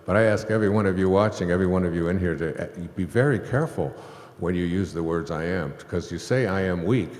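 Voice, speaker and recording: A man's voice: sits low, fast talker, few pauses, a little mellow. A man telling a long, rambling spiritual story on stage to a live audience, laughing now and then. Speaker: host. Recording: echoey hall.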